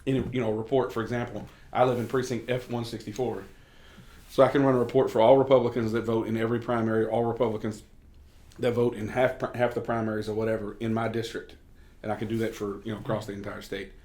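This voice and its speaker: A man from Kentucky who is a state representative shares stories openly in a casual sit-down conversation, with occasional cursing. His voice is fairly low and darkish with a level tone and quick pace, and the sound is roomy.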